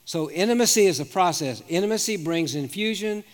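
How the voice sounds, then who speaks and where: A man's voice: high voice, expressive, brisk. A man in his seventies, a pastor telling personal stories in an earnest sermon, often restarting his sentences. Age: 70s. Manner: earnest storytelling with frequent restarts. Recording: long reverb of a large hall.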